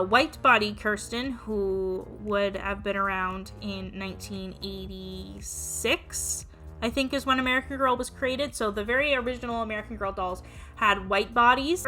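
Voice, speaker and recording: A woman's voice: a little high, bright, forceful tone. A young woman hosting her own vlog, chatting to viewers in an upbeat, casual way. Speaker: doll collecting channel host.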